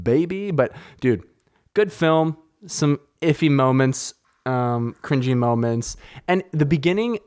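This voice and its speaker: A man's voice: mid-range voice, a little mellow. A man hosting a podcast in casual chat, rambling and swearing freely, and poking fun at himself. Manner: rambling, profane, self-mocking. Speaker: podcast host.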